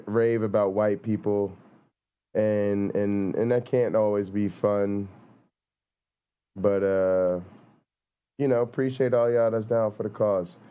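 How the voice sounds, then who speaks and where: A man with a New Jersey accent chats loosely on a live stream, full of fillers and casual swearing. His voice sits low, with a warm, mellow tone. It comes through smooth and resonant. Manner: rambling, profane, thinks aloud with fillers. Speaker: livestream host.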